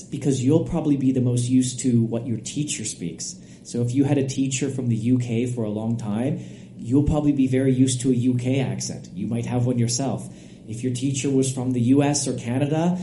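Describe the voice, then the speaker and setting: A man who is a native English speaker, a guest expert giving steady, explanatory podcast answers and often checking in with "right?". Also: mid-range voice, a little hiss or hum. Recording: echoey room.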